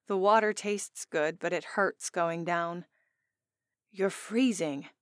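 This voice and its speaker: A woman's voice: lowish voice, fairly even intonation, a little slow, a bit bright, clean tone, no room sound. A woman narrating a first-person romance audiobook in an intimate, earnest storytelling manner, on a close studio mic.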